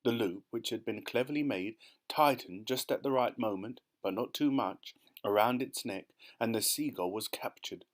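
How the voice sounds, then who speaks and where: Man reading a kids audiobook, steady storytelling voice. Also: medium pitch, moderate pace. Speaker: audiobook narrator. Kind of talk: scripted narration.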